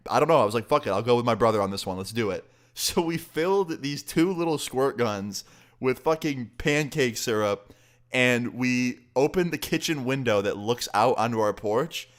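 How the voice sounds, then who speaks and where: Brief: young male vlogger, mid-pitched, casual profane story narration. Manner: profane, animated, quotes people with pitch jumps.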